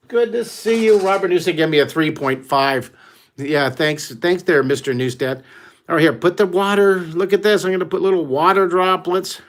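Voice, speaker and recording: A middle-aged American man leading a live online drawing lesson for kids, telling stories with excited whoops. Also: sits high. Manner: exuberant, exclamatory storyteller who whoops often. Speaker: art teacher hosting a live drawing class.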